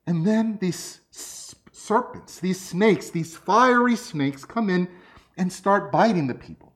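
A man's voice: high-pitched, takes it slowly. A man preaching a sermon, telling personal stories. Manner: lively storytelling, personal anecdotes.

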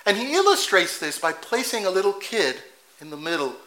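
A man's voice: high-pitched, big pitch swings, brisk, bright, forceful tone, rough recording. A man preaching a sermon in a conversational way, laughing at his own asides and correcting himself as he goes.

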